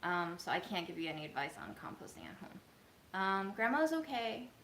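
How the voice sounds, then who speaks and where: A woman with a bright, sharp-edged voice talks casually to her viewers from her home kitchen. She speaks in a soft, reflective way, pausing often with ums. The room gives a noticeable echo. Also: medium pitch, sing-song, a little hiss or hum. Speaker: vlogger. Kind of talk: casual livestream chat. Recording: roomy echo.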